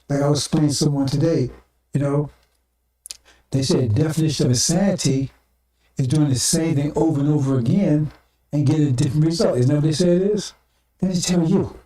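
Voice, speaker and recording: A man's voice: on the high side, dark tone, reverberant, distant mic. A man preaching a sermon to the congregation in a blunt, profane, repetitive way.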